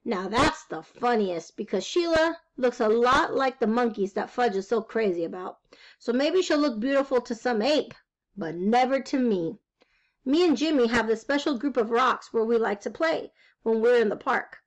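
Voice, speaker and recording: A woman reading a children's chapter book aloud in a high voice. She keeps the first-person telling lively and wry, like a kid sharing a story. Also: normal speed, highs cut off. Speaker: reader.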